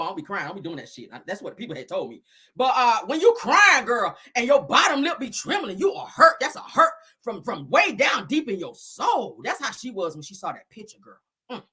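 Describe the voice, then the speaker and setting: A woman in her forties hosting a casual celebrity gossip vlog, talking to viewers with profanity and frequent laughter. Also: a little high. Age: 40s. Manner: animated, profane, laughs often, addresses viewers as girl and child. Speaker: host.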